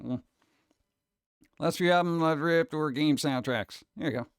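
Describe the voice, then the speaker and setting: A man hosting a live stream and chatting casually with viewers, animated and loose, often slipping into mock voices. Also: fairly high pitch, a little slow, smooth, no echo, clean studio sound. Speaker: streamer host.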